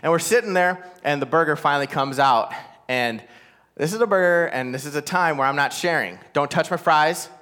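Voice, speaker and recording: A somewhat high-voiced man tells a live audience a story from his own family life. He is animated and laughs at himself, and he keeps checking in with the crowd through quick asides. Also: clean tone. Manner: animated, self-deprecating, rising to loud exasperation at the climax; talks straight to listeners with frequent "all right?" asides. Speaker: speaker telling a personal story to an audience.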